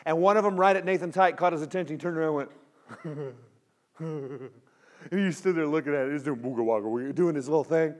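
Guy preaching to a room of students, kinda high voice, tells the story big and acts out the voices. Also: fairly even intonation, very fast. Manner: drops to a quiet, earnest tone at the close. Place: in front of a live audience.

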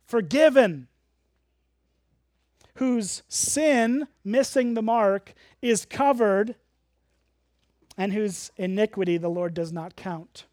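Slow, earnest preacher. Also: mid-range voice, darkish tone, dry recording, clean studio sound. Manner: earnest, emphatic teaching, explaining word meanings. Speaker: pastor. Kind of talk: sermon.

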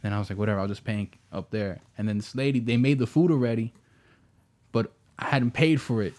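A young man, telling stories in a relaxed, casual chat, full of fillers. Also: on the low side, brisk. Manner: laid-back storytelling with lots of fillers.

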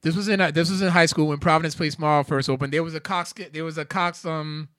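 A man in his thirties, co-hosting a podcast in a casual chat, telling excitable, slangy stories. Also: a little high, fast talker, no room sound, clean studio sound. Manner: animated storyteller, slangy and excitable. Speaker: podcast co-host.

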